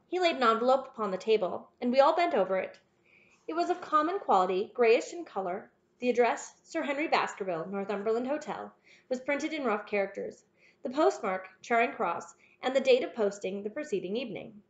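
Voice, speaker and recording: A woman narrating an audiobook in a measured, even reading style. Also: fairly high pitch, dull audio. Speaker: audiobook reader. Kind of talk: scripted narration.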